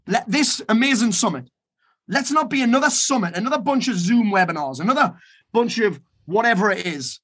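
A man with a high, husky voice delivers a motivational talk to an online summit. He is blunt and swears freely. He hammers his points home by repeating phrases. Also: a bit bright. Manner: blunt, profane, emphatic; repeats key phrases for emphasis. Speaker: motivational speaker.

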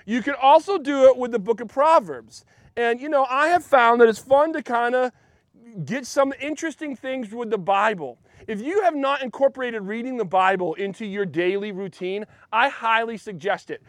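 A man's voice: extremely high pitch, moderate pace, no room sound. A man preaching a casual sermon in a church, chatty and joking with the congregation. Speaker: pastor.

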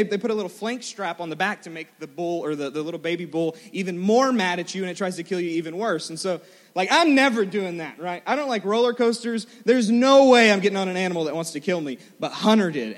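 A young man preaching a sermon, telling a self-mocking story in an animated way. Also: sits high. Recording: large hall with long reverb.

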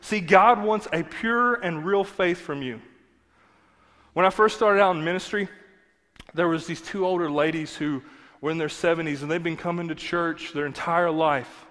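Earnest pastor preaching in a reverberant church. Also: male voice, a little high, moderate pace, a bit bright. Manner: conversational, earnest preaching with emphatic repetition. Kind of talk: sermon. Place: church sanctuary. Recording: long hall reverb with faint music.

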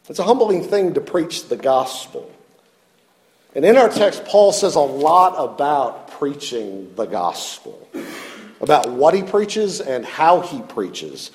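A man's voice: mid-range voice, sing-song, takes it slowly, a little mellow, long reverb tail. A male pastor preaching a sermon in an earnest, self-deprecating way, often repeating words as he stresses a point.

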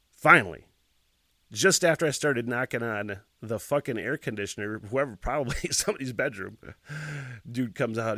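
A man hosting a solo podcast, telling a rambling story with lots of swearing, laughing as he talks and shouting sound effects. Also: mid-range voice, no room sound, studio quality. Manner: laughs while talking. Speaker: podcast host.

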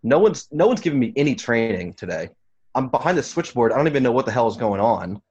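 A man playing the show's intern, defensive and flustered in comedic banter, with a slightly husky voice. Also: mid-range voice, big pitch swings, quick pace, darkish tone, muffled recording. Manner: defensive, flustered, then snippy. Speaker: show intern.

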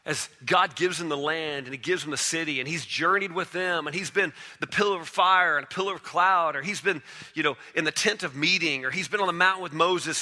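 Animated preacher guy, high bright voice, sermon in a big reverby hall. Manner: animated storytelling, acting out characters. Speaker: pastor.

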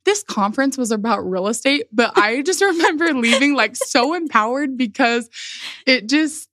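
A woman's voice: high-pitched, animated, normal speed, fairly bright tone, no echo, clean studio sound. A young woman, a podcast guest, telling a personal story in a casual, chatty way with lots of fillers and frequent laughs.

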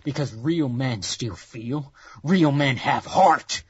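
A man on a casual podcast, ranting in a profane, over-the-top comic way, lurching from loud excitement to hushed mock-solemn lines. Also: medium pitch, slow pace, slightly rough, dry recording. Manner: wild swings from shouting to hushed mock-solemn tones. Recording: dull lo-fi recording.

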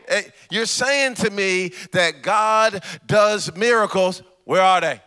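A man's voice: high voice, slow, few pauses, pushed and bright, clear, resonant tone. A man preaching a sermon as pastor, repeating questions rhythmically and adding humorous asides.

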